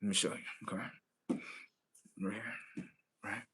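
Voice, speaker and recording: A man ranting on a live stream in a slangy, swearing, animated way. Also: fairly low pitch, a little slow, slightly rough. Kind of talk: profane live-stream rant.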